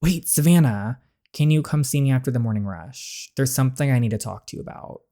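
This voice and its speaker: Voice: mid-range voice, fairly quick, mellow, natural voice. A streamer reading the lines of a curt, scolding older man who runs a bakery. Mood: gruff.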